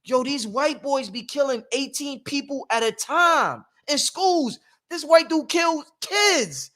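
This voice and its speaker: A man's voice: extremely high pitch, a little slow. A man hosting his own live stream, talking casually and preachily, with frequent laughter. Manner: animated, preachy, laughs often. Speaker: livestream host. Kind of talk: casual livestream monologue. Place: at home.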